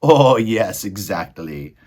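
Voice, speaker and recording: A man voicing a sly, silky male rat who talks in a smooth, wheedling way. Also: fairly low pitch, big pitch swings, slow pace, darkish tone, heavily acted. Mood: gloating.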